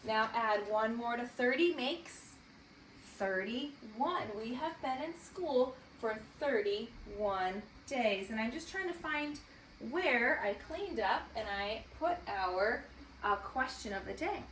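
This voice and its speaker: A woman's voice: fairly high pitch, animated, a bit bright, recorded from a distance, slight background noise. Echoey, encouraging first grade teacher woman. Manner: slow, clearly spoken, encouraging teacher talk to young children. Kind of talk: morning meeting for distance learning. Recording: echoey room, voice from off-mic.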